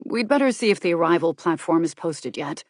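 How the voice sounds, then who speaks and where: A cold, clipped young officer played by a woman narrator. He keeps his words short, and the voice is fairly low and dry. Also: lively intonation, a little fast, no echo. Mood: curt. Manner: curt, clipped. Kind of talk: audiobook character voice.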